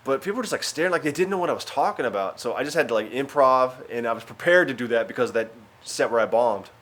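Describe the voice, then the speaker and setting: A male comedian from Arkansas, telling travel stories in casual, animated vlog narration. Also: mid-range voice, fast talker. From Arkansas, USA. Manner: chatty, animated storytelling with filler words.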